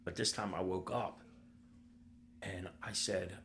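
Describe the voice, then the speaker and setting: Low-pitched and gravelly with a slight brightness, an older man speaks slowly and steadily as a podcast guest, with a faint hiss or hum in the recording. His candid personal story comes out raw and blunt, laced with free swearing and acted-out voices of the people involved.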